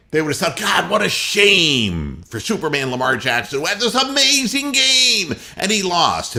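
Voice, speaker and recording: Sports radio guy ranting and swearing, voice swings all over, bright edge. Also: medium pitch. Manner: profane, sarcastic, ranting.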